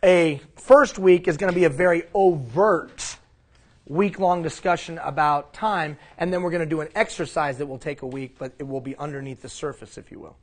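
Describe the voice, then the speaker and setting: A man leading a leadership workshop, animated and asking the room questions. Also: on the high side, normal speed. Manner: animated, asks the room questions, acts out mock quotes. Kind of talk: live seminar talk. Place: classroom.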